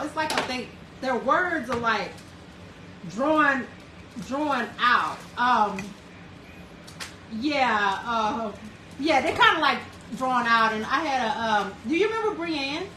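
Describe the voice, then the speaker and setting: A woman's voice: high-pitched, animated, takes it slowly, roomy sound, far from the mic, slight background noise. A woman with a Southern US accent hosting a cooking livestream, chatting and greeting viewers by name. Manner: chatty storyteller, warm greetings, drawling. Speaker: livestream host. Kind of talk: casual chat, reading viewer comments aloud.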